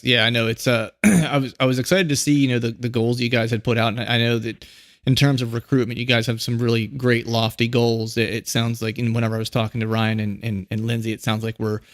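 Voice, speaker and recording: Man, podcast host, quick rambling talk, many fillers, dry sound. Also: mid-range voice, steady tone, dry recording. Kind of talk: casual interview chat.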